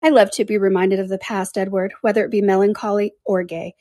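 A woman reading aloud, voicing an eager, passionate young woman in an animated, emphatic manner. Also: mid-range voice, a little fast, no room sound, clean studio sound, natural voice. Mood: earnest.

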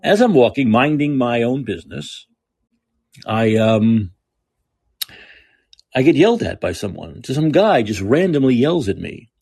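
A man's voice: medium pitch, expressive, a little slow, vocal fry, pauses often, darkish tone, husky, dry recording, studio quality. Sarcastic ranting man. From New York. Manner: sarcastic, profane, digressive. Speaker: podcast host. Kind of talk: ranting monologue.

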